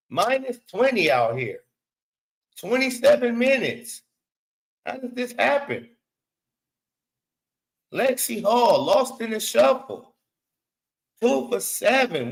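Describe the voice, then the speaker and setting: On his own sports show, a male host rants about basketball casually, bluntly and profanely, sounding exasperated and repeating words to drive points home. His voice is high and creaky, and the recording is rough.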